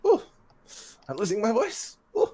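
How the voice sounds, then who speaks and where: A man's voice: high-pitched, wildly swooping pitch, unhurried, mellow, slight background noise. A man playing a ship's captain in a tabletop game, speaking in a hesitant, stammering way. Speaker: player. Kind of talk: in-character tabletop role-play.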